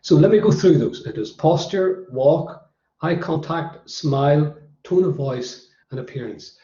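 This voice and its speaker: Northern Irish male workshop presenter, mellow higher voice, emphatic, counts off points; roomy, dull recording. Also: expressive, measured pace. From Northern Ireland. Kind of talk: motivational workshop talk.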